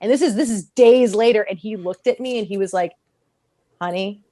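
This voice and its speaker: A young woman chatting as a podcast guest, her voice a little high. She tells stories in a lively, expressive way and laughs often. The recording is dry and close. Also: quick pace, no room sound. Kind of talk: casual podcast chat.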